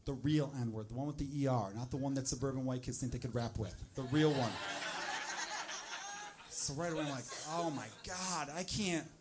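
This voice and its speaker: A man's voice: medium pitch, fairly quick, pauses often, background noise. A man doing stand-up, telling a self-mocking story in a punchy way on a stage mic. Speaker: stand-up comedian. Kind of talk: stand-up routine. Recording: live club audience audible.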